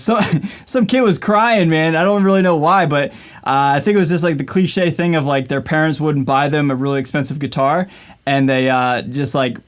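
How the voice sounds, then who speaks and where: An upbeat, chatty man talks to his camera from his usual spot at home, his voice sitting a little high for a man. His speech is loose and casual and full of "man" and "like". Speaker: vlogger and guitarist. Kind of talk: casual vlog talk to camera.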